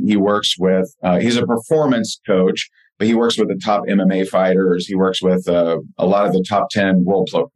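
A man's voice: on the low side, low-quality recording. A man speaking as an interview guest, telling personal stories earnestly with many fillers and restarts. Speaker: podcast guest and author. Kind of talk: casual interview storytelling.

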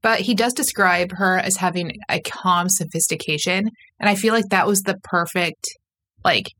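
A woman's voice: lowish voice, moderate pace, fairly bright tone, a little hiss or hum. Chatty woman recapping with lots of fillers. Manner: chatty, frequent "like" fillers, acts out quotes. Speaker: podcast co-host. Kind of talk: casual recap chat.

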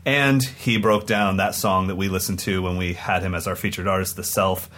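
A man co-hosting a podcast, telling stories in an excited, rambling way in casual chat. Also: deep voice, normal speed. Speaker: podcast co-host and touring drum clinician.

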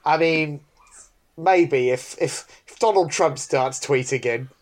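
A man's voice: fairly high pitch, takes it slowly. A man cohosting a casual podcast, answering with dry, wry remarks. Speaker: podcast co-host.

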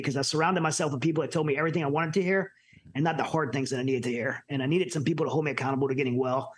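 A middle-aged man from the United States telling his personal story as an interview guest, earnest and halting with many restarts. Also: on the high side. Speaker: podcast guest.

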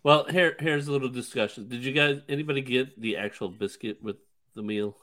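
A man's voice: mid-range voice, brisk, fairly bright tone. A man in a casual group food review, bantering and laughing while he defends his meal. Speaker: food reviewer, ordered the roast beef.

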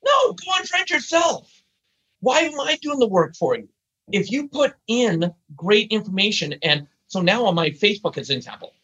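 An older man, a guest trainer, telling stories in an emphatic, blunt, energetic way during an interview. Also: sits high, breathy edge, muffled recording. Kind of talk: animated storytelling interview.

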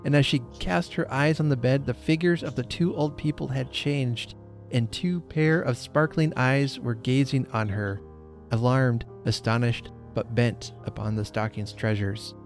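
Man, podcast host, storybook reading, measured, expressive, faint music in background. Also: mid-range voice.

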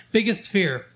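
Man casually reading a newspaper aloud. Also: high-pitched. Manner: reads aloud with halting fillers and restarts. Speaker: local show host.

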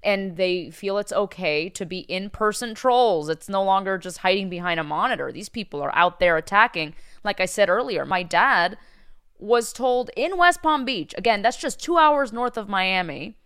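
A woman's voice: medium pitch, expressive, moderate pace, a bit bright, clear, resonant tone. A woman co-hosting a casual chat, speaking earnestly and frankly, with emphatic points. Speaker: podcast co-host.

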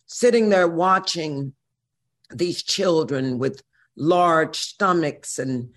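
Slow, brassy woman in her sixties. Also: sits low. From Missouri, USA. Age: 60s. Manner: brassy, profane, dramatic storyteller. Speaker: guest. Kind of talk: storytelling interview.

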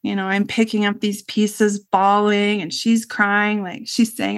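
A woman's voice: mid-range voice, flat delivery, unhurried, few pauses, clear, resonant tone. Middle-aged woman, interview guest, earnest reflective storyteller, mid-range voice, casual fillers. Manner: earnest, reflective, with frequent "you know" and "like".

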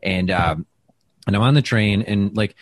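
A man who does stand-up, telling stories in a casual interview, chatty and self-deprecating, with lots of fillers and restarts, and he acts out quoted lines with big jumps in pitch. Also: moderate pace. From Wisconsin. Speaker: stand-up comedian, guest. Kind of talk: casual interview talk, storytelling.

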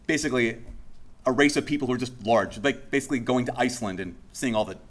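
A man's voice: medium pitch, fast. A man preaching a sermon in a casual, conversational way, acting out the speech of the people he tells about. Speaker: pastor.

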